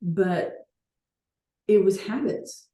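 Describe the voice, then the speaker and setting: A woman's voice: mid-range voice, drawn-out words, dark tone, roomy sound. A woman hosting a coaching call, talking earnestly and reflectively with light laughs now and then.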